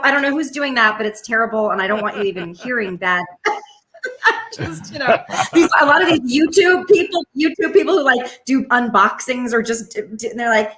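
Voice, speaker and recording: A bright, fairly high-pitched woman chats as an interview guest. She tells stories playfully, laughs often and drops into quick character voices. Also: lively intonation. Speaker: guest voice actress. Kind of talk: casual interview chat.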